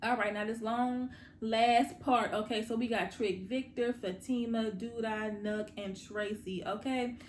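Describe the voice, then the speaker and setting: A woman hosting a casual TV recap, chatting directly to her viewers and quickly paraphrasing what the characters said. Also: fairly high pitch, steady tone. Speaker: TV recap host. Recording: roomy echo with faint background hum.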